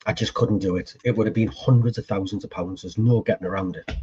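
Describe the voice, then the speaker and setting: A man talks in a relaxed, chatty way on a podcast, swearing freely and acting out old conversations line by line. His voice is warm and mellow with a husky edge. The audio sounds dull and lo-fi. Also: lowish voice, fast. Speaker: podcast co-host appearing as guest. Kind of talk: casual storytelling chat.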